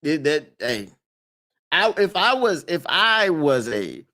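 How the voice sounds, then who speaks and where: A man chatting on a live stream as its host, casual and emphatic, often laughing and repeating a point for effect. His voice sits a little high for a man and swings widely in pitch as he gets worked up. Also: big pitch swings, takes it slowly, pushed and bright.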